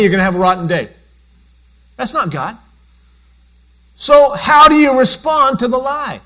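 A man's voice: high voice, fairly bright tone. A man preaching a conversational sermon as a pastor, often asking his congregation questions.

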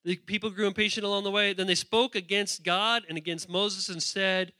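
Man, pastor, very bright and sharp voice, dry close sound, playful sermon with asides. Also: a little high, steady tone, fairly quick, smooth, dry recording. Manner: playful, calls out to the congregation; reads scripture aloud with asides. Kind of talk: lively sermon.

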